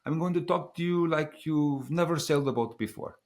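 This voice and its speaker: A man's voice: a little high, brisk, darkish tone, voice pushed up, close to an everyday voice. A man imitating a cheerful, helpful Italian male sailing skipper with a put-on Italian accent, talking in an eager, emphatic way. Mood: patient.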